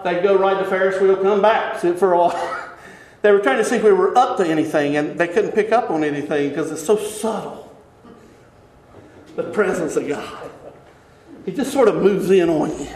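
A man preaching as a pastor, telling stories in an animated way, often laughing and dropping to hushed tones. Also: sits high. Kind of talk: sermon storytelling. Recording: echoey church hall.

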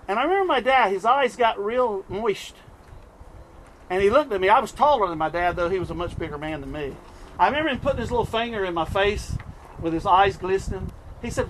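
A middle-aged man from the US East Coast preaching a sermon, telling stories in an animated way and chuckling often. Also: high voice, fairly quick, slight background noise.

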